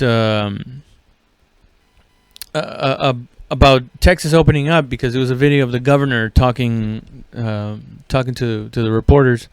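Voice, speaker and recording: A man's voice: mid-range voice, vocal fry, clean tone, no echo. A man hosting a comedy podcast, rambling and swearing casually with lots of fillers and laughs. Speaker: podcast host.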